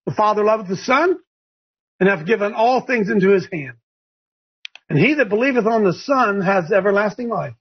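A man hosting a Bible discussion, preaching emphatically, shouting verses and firing rhetorical questions. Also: high-pitched, animated, normal speed, breathy edge, dull audio. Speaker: host leading a Bible discussion. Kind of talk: fiery preaching-style Bible talk.

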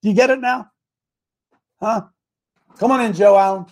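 A man's voice: high-pitched, normal speed. A man hosting a live show, talking like a preacher and repeating himself for emphasis. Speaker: host. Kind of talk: live stream talk.

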